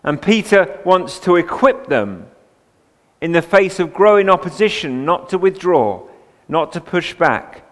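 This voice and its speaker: A man's voice: high-pitched, very animated, measured pace, a bit bright. Man preaching in a reverberant church. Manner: conversational preaching with asides, rising to emphatic passages. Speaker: pastor. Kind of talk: sermon. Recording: long hall reverb.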